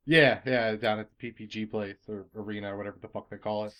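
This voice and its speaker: A man's voice: fairly low pitch, steady tone, quick pace, muffled recording. A man chatting as a podcast guest, cracking jokes and laughing as he talks. He swears freely in an easy, casual way. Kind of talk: casual chat.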